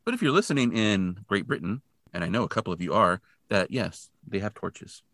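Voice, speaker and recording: Male co-host, low and animated, deadpan jokes, dry sound. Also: brisk, dry recording. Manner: dry, joking asides. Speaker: podcast co-host. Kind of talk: casual recap chat.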